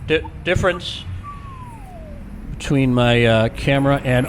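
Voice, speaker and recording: A man's voice: medium pitch, normal speed, a little hiss or hum. Jokey man narrating a city walk. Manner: jokey, rambling asides. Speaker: vlogger, walking tour guide. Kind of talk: casual walking-tour narration. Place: outdoor city streets.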